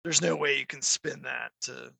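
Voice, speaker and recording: Animated gravelly-voiced man. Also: mid-range voice, moderate pace, no room sound, poor audio. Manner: animated storyteller, acts out quoted voices. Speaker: podcast co-host. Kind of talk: casual chat.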